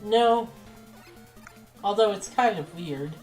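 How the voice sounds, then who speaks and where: A woman's voice: mid-range voice, lively intonation, darkish tone, soft background music. A woman streaming a game, chatting casually and muttering at it as she plays. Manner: slow, offhand, mutters at the game. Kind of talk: casual gameplay chat. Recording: echoey room.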